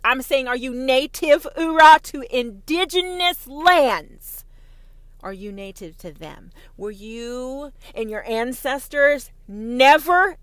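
A woman's voice: sits high, a bit bright, dry recording. A woman with a Southern American accent delivering an impassioned monologue, profane, heated and sarcastic, often mocking imagined opponents in a put-on voice. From Southern United States. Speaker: podcast host.

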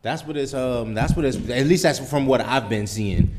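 A man's voice: medium pitch, moderate pace, darkish tone. Laid-back male podcast host. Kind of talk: casual podcast chat.

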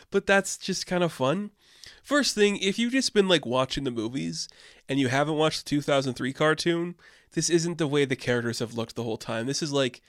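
A man's voice: fairly high pitch, no echo, studio quality. A man hosting a podcast, giving a casual, rambling and opinionated film review. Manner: rambling and opinionated, many fillers. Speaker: podcast host.

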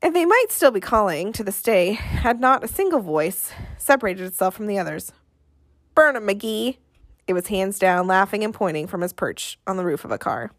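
A woman narrating a novel as an expressive audiobook reader who acts out the dialogue. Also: mid-range voice, fairly quick, hardly any pauses, no room sound, studio quality. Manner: expressive storytelling, acting out the dialogue. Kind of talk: scripted narration.

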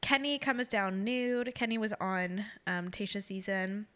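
A woman's voice: mid-range voice, steady tone, measured pace, a bit bright. A woman hosting a podcast, chatting casually and gushing, often laughing. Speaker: podcast host. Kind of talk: casual chat.

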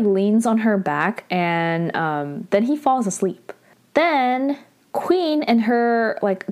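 A young woman talks through a drama episode in a loose, casual way, with "like" in nearly every sentence. Her voice sits at an ordinary middle pitch for a woman. Now and then she cuts into the story with excited outbursts. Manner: chatty, heavy use of "like", excited outbursts. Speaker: drama recap vlogger.

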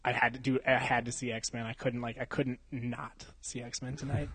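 Young dude rambling on a podcast, swears a bunch, laughs a lot, dry close mic. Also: male voice, mid-range voice, little pitch movement, moderate pace, fairly bright tone, husky, no room sound. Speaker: podcast co-host. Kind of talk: casual chat.

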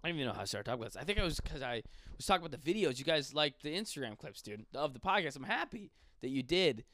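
A young man rambles in a casual, profane, comedic monologue, his pitch swinging widely. He has a slightly high voice, and the recording is close and dry. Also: big pitch swings, rapid-fire, a bit bright, no echo. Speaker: podcast host.

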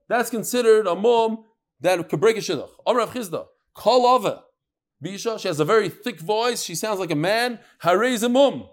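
A man teaching a Talmud class, reading Aramaic lines and explaining them in English with jokes. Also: high voice. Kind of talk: Gemara class explaining text.

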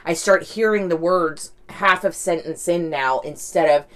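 A woman's voice: on the low side, measured pace. A woman talking candidly in a casual reflective monologue, rambling, with lots of "like" and "right?".

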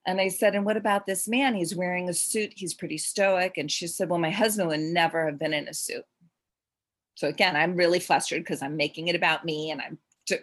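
Middle-aged woman, low voice, rambling storyteller, a medium recalling readings in casual chat. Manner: rambling, self-interrupting, with frequent "like" and "um".

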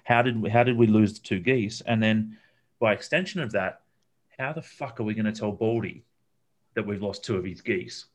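Low-voiced man telling a rambling story. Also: moderate pace. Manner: rambling, with many fillers and repeated words. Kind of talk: casual storytelling chat.

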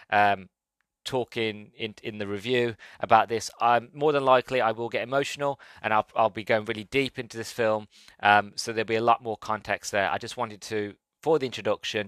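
Guy rambling excitedly on his podcast, bright voice, dry close sound. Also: fairly low pitch, no room sound. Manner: enthusiastic, rambling, nostalgic with frequent restarts. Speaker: podcast host and movie reviewer. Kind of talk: casual solo podcast talk.

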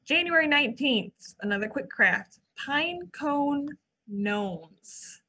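A woman library staffer co-hosting a casual podcast, reading event listings and adding quick asides. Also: high-pitched, expressive, sharp tone. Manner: chatty, reads listings then adds quick asides. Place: old brick library building.

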